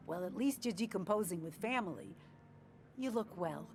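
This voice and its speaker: A woman's voice: mid-range voice, lively intonation, a little slow, a little mellow, soft background music. Older small-town cafe owner: motherly, chatty, a little nosy. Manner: gossipy, sweet, calls people dear and hun.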